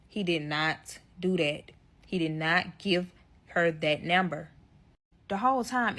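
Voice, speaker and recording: A woman's voice: mid-range voice, pushed and bright. A woman telling a dramatic personal story to her viewers in a storytime vlog, swearing freely and talking straight to her audience.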